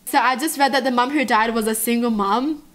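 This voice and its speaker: A woman's voice: fairly high pitch, brisk, fairly bright tone. A woman vlogger reacting to touching photos in a gushing, emotional way, often giggling. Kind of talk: casual reaction commentary.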